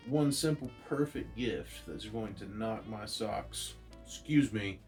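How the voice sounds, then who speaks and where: An earnest young male superhero from a comic, thoughtful and sincere, as a man reading aloud puts him on. His voice sits fairly low and he talks slowly, musing over each thought. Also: a little mellow, faint music behind.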